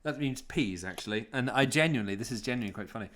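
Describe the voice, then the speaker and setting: A man's voice: medium pitch, animated, rapid-fire, a bit bright. A man from England chatting casually on a live stream, jokey and self-mocking as he tells stories. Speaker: actor signing prints for fans.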